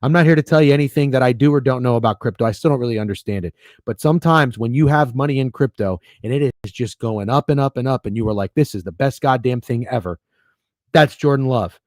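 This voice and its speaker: A man hosting a sports betting livestream in a loose, rambling way, peppering his talk with profanity and bursts of excitement. His voice sits at a middle pitch and sounds close and dry, with little room sound. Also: fast talker, dry recording. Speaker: sports betting stream host. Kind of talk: casual livestream chat.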